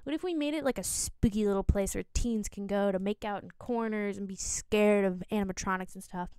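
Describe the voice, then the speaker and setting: A woman's voice: mid-range voice, brisk, warm tone, smooth, dry recording. A young woman on a phone mic indoors, casually explaining a game theory with rambling, self-correcting jokey asides. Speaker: video essay host.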